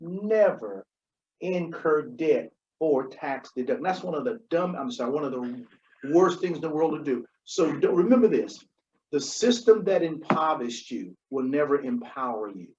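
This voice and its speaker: A man co-hosting a podcast, his voice on the higher side for a man. He explains money matters emphatically, repeating key points and checking in with the listener. The recording sounds dull and lo-fi. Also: lively intonation, normal speed, a little mellow, slight background noise. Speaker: podcast co-host. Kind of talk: conversational financial advice.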